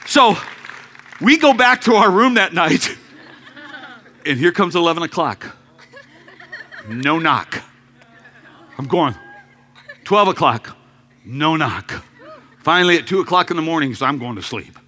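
Male preacher telling a story from the pulpit, animated and expressive, bright voice. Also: a little high, measured pace, long pauses, a faint crowd, a little hiss or hum. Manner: animated, acts out voices, laughs, sudden shouts. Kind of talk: sermon storytelling.

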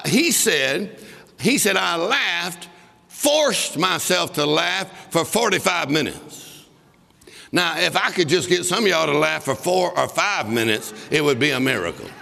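In a large hall with long reverb, a man preaches a sermon in a fairly high, gravelly, sharp voice. He tells a story and exhorts his listeners, breaking into bursts of laughter.

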